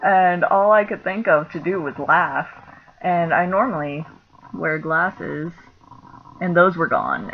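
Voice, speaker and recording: Chatty young woman, lo-fi recording. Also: on the low side. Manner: chatty, laughing, lots of "like" fillers. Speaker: vlogger. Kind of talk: casual storytelling vlog. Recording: dull lo-fi sound with faint noise.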